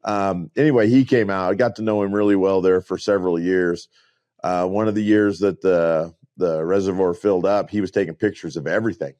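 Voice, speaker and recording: A man with a very low voice tells rambling stories in a relaxed podcast chat. He often quotes other people and lets out small chuckles. The sound is dry and close. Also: no room sound. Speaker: podcast co-host, rancher.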